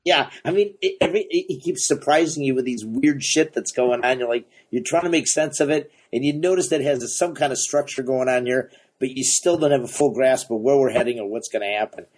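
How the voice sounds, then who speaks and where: A man co-hosting a casual comics podcast, excitable and profane, laughing often. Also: medium pitch, a little fast, few pauses, husky. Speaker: podcast co-host, comic shop owner. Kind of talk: casual chat about comics.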